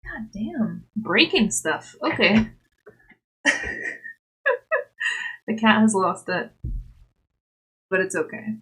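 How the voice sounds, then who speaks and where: A young woman livestreams, chatting loosely with her viewers as she knits. Her voice is soft and breathy, at a middle pitch, and she giggles often and talks to her cat as readily as to her chat. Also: expressive, slow, pauses often. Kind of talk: casual chat with live chat while knitting.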